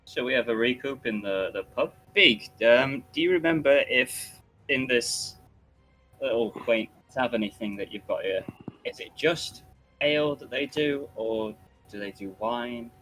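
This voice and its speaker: A man's voice: medium pitch, unhurried, a bit bright, soft background music. A man playing a tabletop game, chatting in a playful, rambling way. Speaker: player. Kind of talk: casual tabletop game chat.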